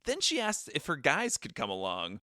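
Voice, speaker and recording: A man's voice: fairly high pitch, huge pitch swings, moderate pace, sharp tone, no room sound, clean studio sound. A young man co-hosting a podcast, telling a travel story in casual chat with goofy impressions and a read-from-notes stretch. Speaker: podcast co-host.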